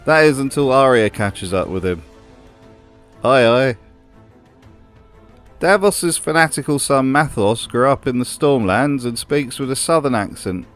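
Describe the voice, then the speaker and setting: A man's voice: mid-range voice, lively intonation, moderate pace, hardly any pauses, fairly bright tone, faint music behind. A man hosting a comedic commentary video, with a dry, sardonic delivery. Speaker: host.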